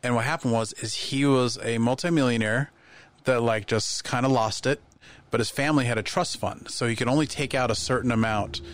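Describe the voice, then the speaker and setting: A man in casual podcast chat, telling lively anecdotes and acting out the voices of people in them. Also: mid-range voice, fairly quick. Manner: animated anecdotes, acts out quoted voices. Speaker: podcast guest.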